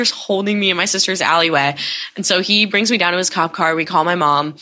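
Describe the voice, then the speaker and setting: Low, bright-voiced woman telling a story. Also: steady tone, quick pace. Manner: candid, rambling, heavy use of "like". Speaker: podcast host. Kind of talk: casual storytime monologue.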